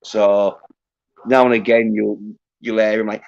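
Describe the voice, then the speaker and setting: A man's voice: on the low side, level tone, unhurried, creaky, a little mellow. A man hosting a livestream, ranting in a crude, swear-filled, rambling way. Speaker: livestream host. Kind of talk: casual livestream rant. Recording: dull lo-fi audio.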